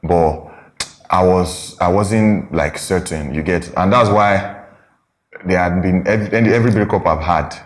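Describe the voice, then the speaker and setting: A young man with a Nigerian accent and a very low, deep voice chats casually as a podcast co-host. He speaks slowly and pauses to search for words, often checking that his listener follows. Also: slight background noise. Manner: slow, searching, often asks "you get?". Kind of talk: casual couple chat.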